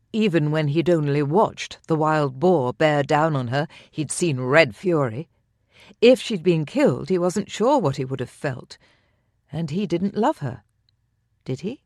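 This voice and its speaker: An audiobook narrator reading scripted romance narration in a measured, intimate manner into a close studio mic. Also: medium pitch, darkish tone, no room sound.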